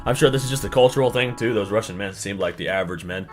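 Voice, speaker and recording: A man reacting to clips as a streamer, talking crudely and mockingly, his voice swinging between loud outbursts and mutters. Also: lowish voice, fast talker, soft background music. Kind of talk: casual reaction commentary.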